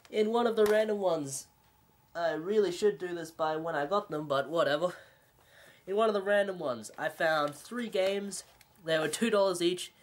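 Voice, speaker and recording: A video game collector talking through recent purchases in a casual, rambling vlog, full of sarcastic jokes and self-mocking asides. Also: mid-range voice. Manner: rambling, joking and sarcastic, with frequent laughs.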